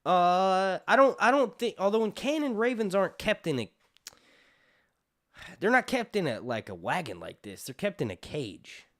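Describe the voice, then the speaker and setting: A man's voice: sits high, very animated, normal speed, fairly bright tone. A man hosting a casual live stream chat, rambling loosely, swearing freely and often breaking into laughter. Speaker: YouTube host.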